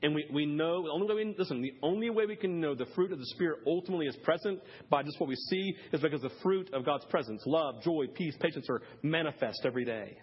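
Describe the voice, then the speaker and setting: Pastor, male, slightly higher voice with a husky edge, casual sermon delivery that drops low then bursts loud, dull lo-fi audio. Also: quick pace, few pauses. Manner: conversational preaching, swings from hushed to loud; many fillers like "like" and "listen".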